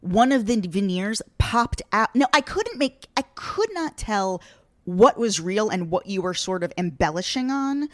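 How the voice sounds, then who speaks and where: Chatty woman host with lively pitch. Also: measured pace, no room sound, clean studio sound. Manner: chatty, eager interjections. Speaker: podcast host. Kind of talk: casual interview.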